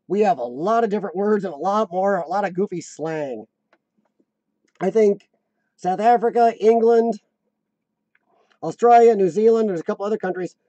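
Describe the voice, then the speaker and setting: A man's voice: high voice, mellow, dry recording, muffled recording. An American man hosting a live stream, rambling casually and joking to his viewers. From United States.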